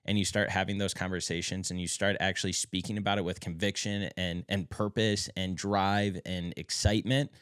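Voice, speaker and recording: A man's voice: sits low, little pitch movement, normal speed, hardly any pauses, fairly bright tone, clear, resonant tone, no room sound, clean studio sound. A man co-hosting a podcast, speaking with motivational passion in casual chat and swearing casually. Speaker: podcast co-host.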